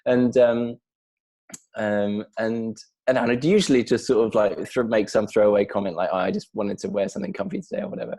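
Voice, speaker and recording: English man, podcast guest, deep voice, lively anecdotes with laughs. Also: a little fast, vocal fry. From England. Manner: animated storyteller, acts out quotes with laughter. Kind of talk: casual chat.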